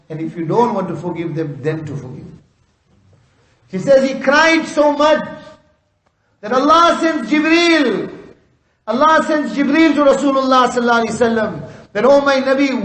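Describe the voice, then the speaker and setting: A man preaching an impassioned sermon, at times rising to shouts, recorded in a hall. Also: sits high. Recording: echoey hall.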